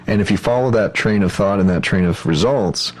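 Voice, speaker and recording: A man with a very deep, low voice talks through meditation techniques in a calm, explanatory lecture. He pauses often with ums and uhs as he works through each step. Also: low-quality recording. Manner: measured, explanatory, frequent fillers. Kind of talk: instructional lecture.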